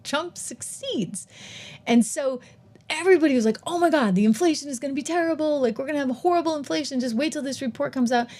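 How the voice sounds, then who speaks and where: A middle-aged woman hosts a live-streamed commentary show in a voice of ordinary middle pitch. She talks emphatically and with animation, firing off rhetorical questions. She throws in quick, self-mocking asides along the way. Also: a little mellow. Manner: laughs at herself while typing on air. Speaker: host of a live political and investing show.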